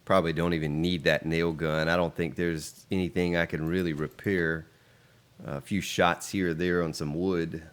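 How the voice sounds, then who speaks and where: A man's voice: deep voice, normal speed. A man casually commenting on his game during a live stream, chatting with viewers as he plays. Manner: relaxed and chatty, reading out and answering viewer chat.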